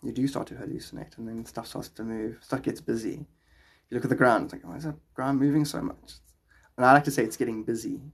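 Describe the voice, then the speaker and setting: Young South African male streamer, rambling and chatty, rough grainy voice. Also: medium pitch, steady tone, fast. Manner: chatty, rambling, laughs often. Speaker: live streamer. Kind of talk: casual chat with live chat viewers.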